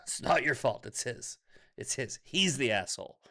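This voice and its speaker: A man's voice: mid-range voice, lively intonation, normal speed, bright, forceful tone. A man hosting a livestream, ranting casually and profanely, laughing often and reading viewer comments aloud. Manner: reads chat comments aloud. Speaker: livestream host.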